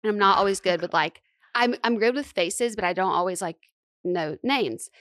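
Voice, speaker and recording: A woman hosting a podcast in casual chat, giggly and gushing, talking in quick bursts on a close mic. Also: medium pitch, a bit bright, no room sound. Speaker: podcast host.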